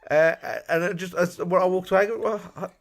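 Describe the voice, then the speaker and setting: A man's voice: high-pitched, steady tone, quick pace, gravelly. A man co-hosting a podcast, telling rambling, self-mocking stories in casual chat. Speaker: podcast co-host.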